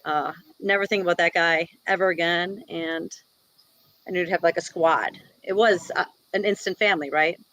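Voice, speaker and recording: A woman from Wisconsin speaks at normal speed with a fairly low pitch, fairly even intonation and a fairly bright tone, captured on a low-quality recording. As a guest in a casual interview, this jiu-jitsu black belt and instructor chats freely, using lots of "like" and "you know."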